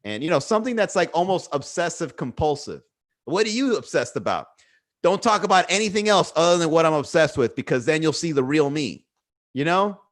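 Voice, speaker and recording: A man's voice: a little high, animated, fairly quick, fairly bright tone. Rambling, musing man on a casual podcast. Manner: rambling, musing, swears freely, many fillers. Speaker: podcast host. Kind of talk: casual solo podcast monologue. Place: indoors at home.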